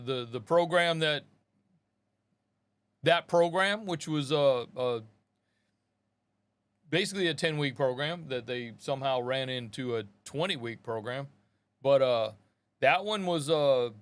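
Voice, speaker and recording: Recorded dry, this middle-aged man has a slightly high, fairly bright voice. He's a podcast host on a live stream, rambling through casual, slang-filled chat and addressing listeners as man and bro.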